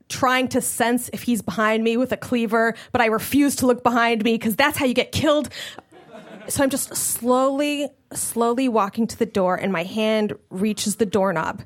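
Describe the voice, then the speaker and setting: A woman telling a comedic personal story in an animated way, acting out the voices of the people in it. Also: high-pitched. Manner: animated, acts out quoted voices.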